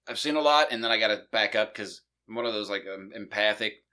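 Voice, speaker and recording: A man hosting a casual podcast, spinning a rambling story full of curse words. His voice sits fairly low but has a bright, forceful tone. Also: quick pace. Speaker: podcast host. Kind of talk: casual chat.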